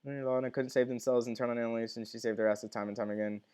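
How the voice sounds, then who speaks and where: A man's voice: medium pitch, fairly even intonation, rapid-fire, a little mellow, smooth. A young man hosting a casual live stream from home, speaking in an ordinary mid-range voice. He chats with enthusiasm and answers viewer comments as he reads them out. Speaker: live-stream host reacting to a TV finale.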